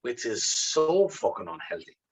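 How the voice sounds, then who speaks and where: Husky Irish man telling a story. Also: medium pitch, big pitch swings, a little slow, rough recording. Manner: intense, swears freely, acts out remembered dialogue. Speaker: guest. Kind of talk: candid conversational storytelling.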